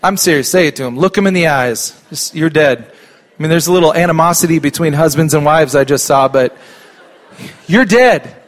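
A man's voice: a little high, fairly quick. A middle-aged male pastor preaching a sermon in church, emphatic and calling on the congregation to respond.

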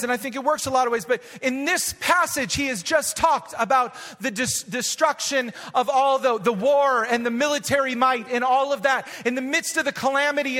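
A man preaching a sermon in a very high, bright, ringing voice. He stretches out scripture lines for weight, then swells into impassioned shouts. His voice carries with the long reverb of a large church sanctuary. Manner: drawn-out emphatic reading of scripture. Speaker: pastor.

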